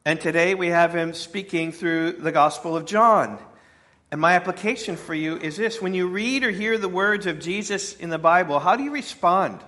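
A man's voice: high voice, moderate pace, pushed and bright. A man, the pastor, preaching a conversational sermon with friendly asides to his congregation.

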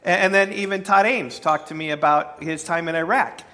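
Pastor, male, bright and fairly high voice, easygoing sermon delivery. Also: normal speed. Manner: conversational, with fillers and playful asides to the congregation.

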